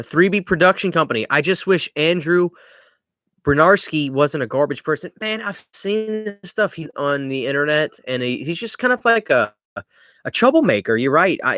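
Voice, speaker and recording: A man's voice: fairly high pitch, no echo, clean studio sound. Laid-back Cajun guy reading chat. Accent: Louisiana Cajun. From Louisiana. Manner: relaxed, rambling, reads chat names aloud. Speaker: livestream host answering chat. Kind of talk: casual live Q&A chat.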